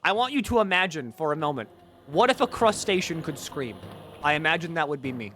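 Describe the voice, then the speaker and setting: Bright rambling young streamer guy. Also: a little high, animated, brisk, a little hiss or hum. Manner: rambling, joking, many filler words. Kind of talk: casual stream chat.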